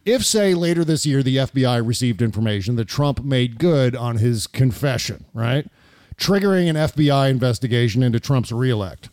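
A man's voice: mid-range voice, lively intonation, normal speed, a little mellow, no echo, clean studio sound. A man co-hosting a casual political chat, indignant and jokey, with the odd swear word. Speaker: co-host.

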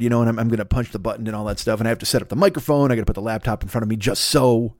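In a dry, studio-quality recording, an older man with a mid-range, darkish voice hosts his own podcast. Speaking into a desk mic plugged into a laptop, he wanders through profane, crude riffs at his own expense.

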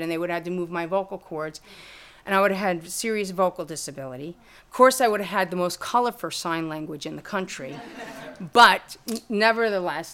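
A middle-aged woman telling her story in an interview, blunt and profane, with lively retellings of conversations. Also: medium pitch. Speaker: guest, music lawyer and teacher. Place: room with a live audience.

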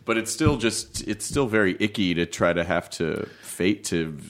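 A man's voice: low-pitched, animated, normal speed, fairly bright tone. A man hosting an interview, a stand-up comedian who talks in a rambling, loose, self-deprecating way. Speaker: podcast host and stand-up comedian. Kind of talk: casual interview chat.

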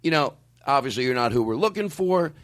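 A man's voice: mid-range voice, animated, brisk. Rambling, swearing podcast host man. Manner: rambling, swearing, stops and restarts. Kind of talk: casual podcast chat.

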